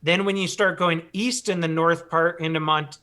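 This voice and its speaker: A man with a flat American Pacific Northwest accent, chatting as a show guest. His voice sits a little high and sounds bright. He talks in a loose, relaxed way, full of fillers. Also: normal speed. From Pacific Northwest, USA. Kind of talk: casual chat.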